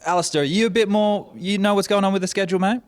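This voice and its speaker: A man's voice: sits high, fast talker. Joking male esports interviewer. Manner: joking, teasing, playful. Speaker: host. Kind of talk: casual lobby interviews.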